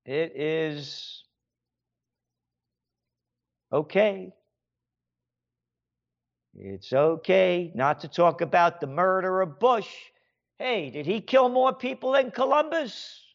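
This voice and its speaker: A man's voice: high-pitched, lively intonation, slow pace, gravelly, long pauses, lo-fi sound. An American man and author ranting sarcastically in a monologue, firing off rhetorical questions in a heated tone. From United States.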